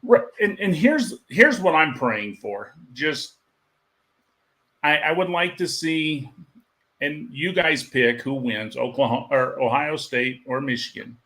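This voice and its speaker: A man's voice: on the high side, animated, a little slow, sharp tone. A man giving blunt, opinionated takes in a casual sports chat. He talks plainly and often chuckles mid-sentence. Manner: opinionated, laughs while talking.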